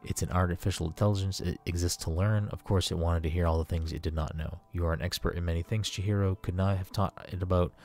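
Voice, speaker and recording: A man reading the calm, measured lines of a cool young female detective character in a game. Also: deep voice. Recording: faint game music behind.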